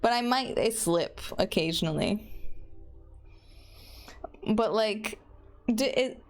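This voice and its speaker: A woman's voice: mid-range voice, expressive, takes it slowly. A young woman from Michigan with a Michigan accent, chatting casually while streaming a game and rambling about how she pronounces words. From Michigan, USA. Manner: rambling and chatty, plays with her own pronunciation. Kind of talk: casual chat while gaming.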